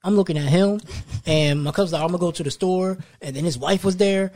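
A man's voice: on the high side, quick pace. A young man chats casually as a podcast host. He tells stories with a lot of animation and jumps into other people's voices when he quotes them. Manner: animated storytelling, acts out quoted lines. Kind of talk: casual chat.

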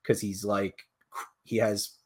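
Husky man breaking down football. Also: lowish voice, slow pace. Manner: animated, argumentative analysis with fillers. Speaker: sports podcast co-host. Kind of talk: casual sports talk.

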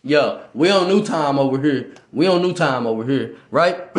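A man's voice: a little high, animated, a little slow, echoey room. A man preaching informally on a podcast, with slangy talk, often asking "right?" and stumbling while reading aloud. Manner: slangy street speech. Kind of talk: informal religious teaching.

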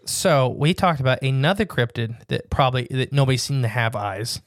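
A man's voice: medium pitch, animated, no echo, studio quality. Rambling man on a podcast. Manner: rambling, jokey, slows to stress details. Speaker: podcast co-host. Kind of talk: casual podcast chat.

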